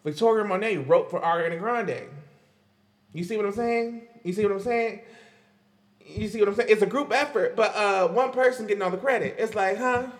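A man hosting a podcast, chatting in a loose, animated way about pop music, with lots of fillers and frequent laughs. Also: sits high, moderate pace, in a large hall. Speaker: podcast host. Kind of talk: casual pop-culture commentary.

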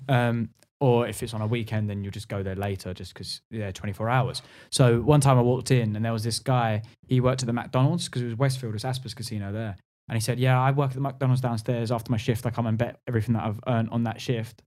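A man's voice: medium pitch, steady tone, fast, hardly any pauses, a little mellow. Chatty man telling a story. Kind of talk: casual podcast chat.

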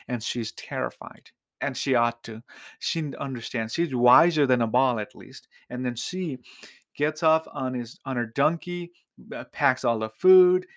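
A male pastor preaching a sermon with emphatic energy and a mid-range voice. He speaks straight to his listeners, often restarting his sentences. He raises his voice sharply whenever he acts out what someone says. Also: mid-range voice. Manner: emphatic preaching, voice jumps up for quoted speech; talks to the listener directly, with frequent restarts.

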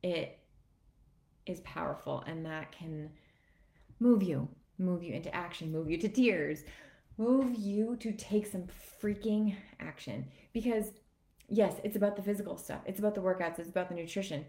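A woman's voice: on the low side, normal speed, mellow. A woman fitness coach giving an earnest, emotional motivational talk on a live video. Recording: echoey room.

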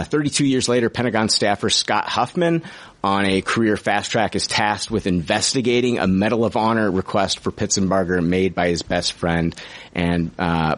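A man's voice: on the low side, a bit bright, no echo. A man hosting a show, chatting casually about a movie, rambling with restarts, swearing freely and laughing at himself. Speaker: podcast host reviewing movies. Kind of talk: casual chat.

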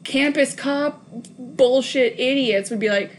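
A young woman co-hosting a podcast, recapping a film in blunt casual chat, swearing heavily and chiming in with quick remarks. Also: sits high, a little hiss or hum. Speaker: podcast co-host.

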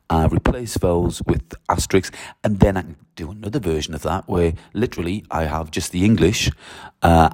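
A man's voice: low voice, a little mellow. A man who teaches French, explaining his methods in a chatty, enthusiastic way and reading French example sentences aloud. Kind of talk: casual explanation to camera.

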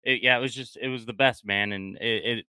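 Man, podcast guest, enthusiastic, casual chat, bright voice, dry sound. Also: mid-range voice, steady tone, brisk, smooth, dry recording. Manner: enthusiastic, many restarts, says man a lot. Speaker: podcast guest, former restaurant employee.

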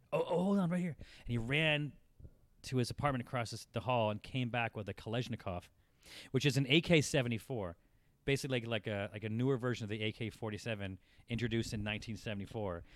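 A man's voice: mid-range voice, no room sound. A man, around forty, telling a long anecdote in casual talk, rambling and laughing as it builds. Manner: rambling, laughing, animated when telling the story. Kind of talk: casual storytelling.

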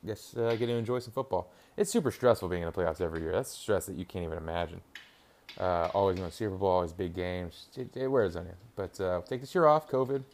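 A man's voice: low voice, vocal fry, a little mellow, a little hiss or hum. A young man chatting casually on his own, rambling and swearing while he reacts to a football game on TV. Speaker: podcast host. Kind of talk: casual solo chat.

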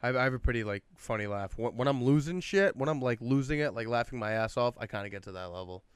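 A young man on a podcast, telling stories in an animated way and swearing often. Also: medium pitch, fast, clean tone, no echo. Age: young adult. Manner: animated storytelling, swears a lot. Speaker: podcast guest. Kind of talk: casual chat. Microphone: podcast mic.

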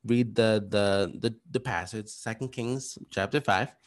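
Guy going over study questions, talks fast and rambly, lowish voice, lots of restarts. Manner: chatty, retells stories in slangy voices. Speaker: teacher. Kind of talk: casual study-question walkthrough. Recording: voice message.

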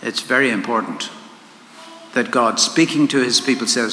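A man preaches in a bright, clear voice, chatty and easygoing, circling back to repeat his words. His voice rings through a large echoey hall with a long reverb and faint noise behind it. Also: mid-range voice, moderate pace. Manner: conversational, with asides and repeated words. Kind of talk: sermon.

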